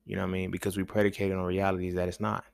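A man's voice: sits low, flat delivery, racing, creaky, a little mellow, clear, resonant tone. A man hosting a podcast, talking in a loose, rambling, profane monologue full of slang, often asking "you feel me". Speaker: podcast host. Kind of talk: casual monologue.

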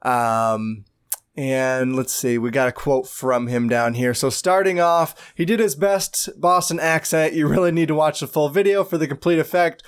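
A man's voice: a little high, moderate pace, clean tone. A man hosting a casual gaming podcast, reading out news in an easygoing way. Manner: easygoing, reads news out loud.

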